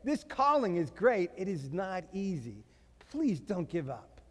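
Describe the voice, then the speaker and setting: Emphatic high-voiced preacher in a hall. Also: male voice, sing-song. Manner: emphatic, slows down to stress key phrases, mixes in humorous family stories. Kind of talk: sermon to fathers. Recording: long reverb of a large hall.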